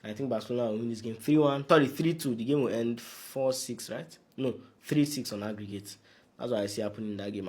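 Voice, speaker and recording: A man hosting a sports update, calmly reasoning through a match prediction. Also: medium pitch, a little hiss or hum. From Nigeria. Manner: calm, measured, reasoning aloud. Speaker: sports show host.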